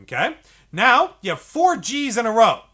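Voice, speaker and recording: A man's voice: extremely high pitch, big pitch swings, moderate pace, bright, forceful tone, faint music behind. A man teaching beginner saxophone, explaining each step patiently and repeating key points. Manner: patient, repetitive step-by-step coaching.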